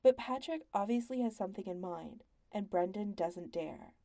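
A woman narrating a story in an even, measured audiobook style. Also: mid-range voice, vocal fry.

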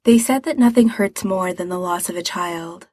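A woman reading a story aloud as narrator, in an even, measured manner. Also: on the low side, husky, no room sound. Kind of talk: reading fan fiction aloud.

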